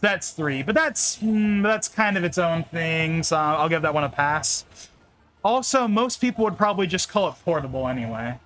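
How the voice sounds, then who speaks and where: A man's voice: fairly high pitch, expressive, normal speed, a bit bright, slight background noise. A young man chatting casually on a live stream while playing a game, rambling, laughing often and repeating words.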